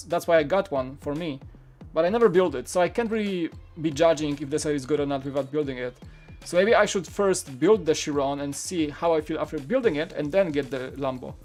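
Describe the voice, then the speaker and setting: A man's voice: a little high, a little mellow. Rambling man chatting on a live stream. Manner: candid, rambling, answers viewer questions. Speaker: Lego channel host. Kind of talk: casual live-stream chat while building.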